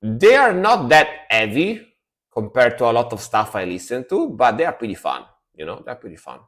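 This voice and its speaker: A man chatting casually on a music reaction live stream, laid-back and rambling, often trailing off quietly. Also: medium pitch, sing-song, moderate pace.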